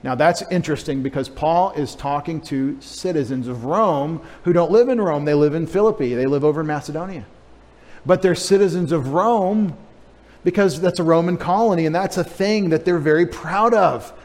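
A man's voice: fairly high pitch, normal speed, darkish tone, long reverb tail. A male pastor teaching a sermon in a casual, joking way, spelling out Greek words for the congregation. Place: church sanctuary.

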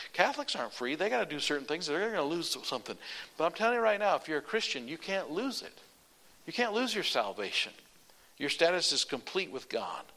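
With a medium-pitched voice, a man preaching a sermon shares a story from his own life. He's lively, running his sentences on with repeated "and".

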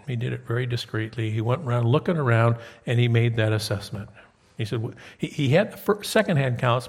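A man preaches in a conversational way, checking in with his listeners. His voice sits in a middle pitch and has a husky, slightly rough edge. Now and then he reads scripture aloud in old King James wording. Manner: conversational, asks the congregation questions. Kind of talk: sermon.

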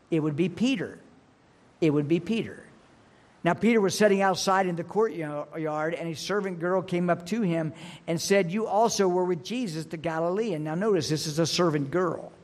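A male pastor with a fairly high voice preaches earnestly, leaning on personal stories and repeating his main points. His words ring out with a long reverb, as from a large church sanctuary. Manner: earnest storytelling, repeats key lines. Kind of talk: sermon.

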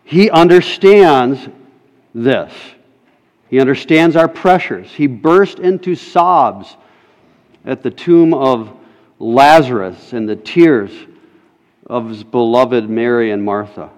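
A man's voice: medium pitch, slow pace. A man preaching a sermon emphatically, putting rhetorical questions to his congregation. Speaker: pastor. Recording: long reverb in a hall.

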